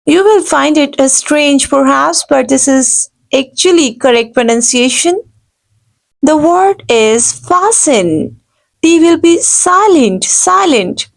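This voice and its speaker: A woman's voice: sits high, lively intonation, slow, vocal fry, rough recording. A woman teaching pronunciation in a video lesson, who corrects mistakes emphatically and says each word again and again. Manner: emphatic, corrects errors with repeated "no". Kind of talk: slow instructional video lesson.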